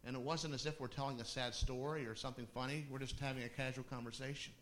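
A middle-aged man preaches in a relaxed, storytelling way, his voice sitting at an ordinary male pitch. He talks to the congregation like friends, restarting sentences and slipping in amused asides. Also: fast talker. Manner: conversational, with laughing asides and restarts. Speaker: pastor. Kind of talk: sermon storytelling.

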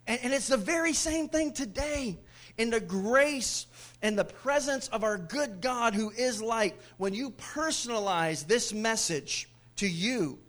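Man, pastor, high-pitched, dynamic sermon, loud to hushed. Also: animated, unhurried. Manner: dynamic preaching, swings from loud to hushed whispers. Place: church.

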